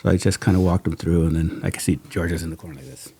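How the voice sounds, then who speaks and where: A man's voice: sits low, rapid-fire, slight background noise. A middle-aged man hosting a podcast, telling stories in a casual chat, acting out quotes and laughing often. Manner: animated storyteller, acts out quotes, laughs often.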